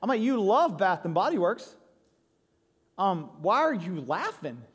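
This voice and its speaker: High-voiced joking pastor in a reverberant church. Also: male voice, big pitch swings, measured pace, slightly rough. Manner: joking, crowd-engaging storytelling. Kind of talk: sermon. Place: church sanctuary. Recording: long hall reverb.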